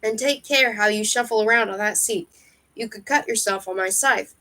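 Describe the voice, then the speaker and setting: A woman reading aloud, voicing a huge skeletal male ferryman who speaks in hushed, hissing, evasive tones. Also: mid-range voice, moderate pace.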